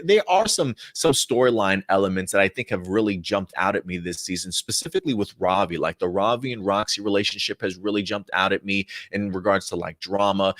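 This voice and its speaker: A man with a fairly low voice talks through a TV episode in a casual, animated review. His delivery is chatty and frank. The recording is dry, with no room echo. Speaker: show review host.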